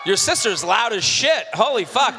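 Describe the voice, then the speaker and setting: A man in his thirties co-hosting a live comedy podcast, loud and crude, laughing often. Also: high voice, sing-song, normal speed, a crowd in the background. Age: 30s. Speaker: podcast co-host. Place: theater stage before a live audience. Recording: reverberant live venue, faint noise.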